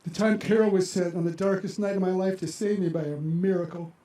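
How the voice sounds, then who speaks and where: Older guy telling a story live on stage, kinda high voice but mellow, gets worked up, roomy sound. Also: brisk. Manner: animated and emotional, acting out his own past reactions. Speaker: storyteller performing for an audience. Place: outdoor amphitheater.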